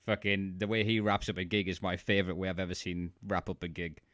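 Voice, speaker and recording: A man's voice: sits low, fairly even intonation, quick pace, fairly bright tone, dry recording, studio quality. A man co-hosting a casual podcast chat, blunt and swearing freely. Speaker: podcast co-host.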